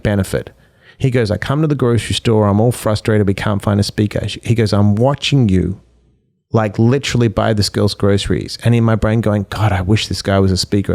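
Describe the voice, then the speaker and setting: A man's voice: fairly low pitch, a little mellow. A man, a podcast guest and life coach, telling stories animatedly and acting out both sides of each exchange. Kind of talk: animated storytelling in conversation.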